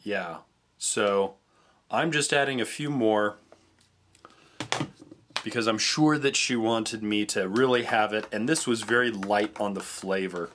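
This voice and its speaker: A man's voice: lowish voice, unhurried, pauses often, a bit bright. A young man chatting casually in a food review vlog, rambling with frequent restarts and stumbles. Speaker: vlogger tasting treats.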